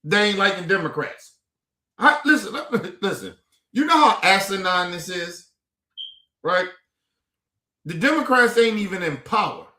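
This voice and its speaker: Streamer, male, high and bright-voiced, heated rants with shouted bursts, roomy sound. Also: animated, normal speed, pauses often. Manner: profane, exasperated ranting, rising to shouts. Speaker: political commentary streamer. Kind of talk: casual heated commentary.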